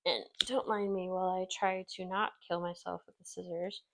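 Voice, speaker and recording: A woman's voice: on the low side, little pitch movement, normal speed, noisy background. Woman from Wisconsin, craft host; casual, self-deprecating, talks while she works. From Wisconsin, USA. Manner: chatty, self-deprecating, laughs easily.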